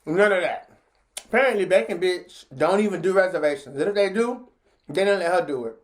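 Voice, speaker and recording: Chatty animated woman telling a story. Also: a little fast. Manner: animated, jumps into high pitch when acting out what people said; slangy and chatty, talks straight to viewers. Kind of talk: casual storytime monologue.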